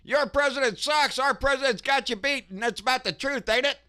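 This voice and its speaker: A man's voice: very high voice, brisk, sharp tone, pitched above the performer's own voice. A man putting on a cocky, jeering Russian sailor. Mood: taunting. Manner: mocking, jeering.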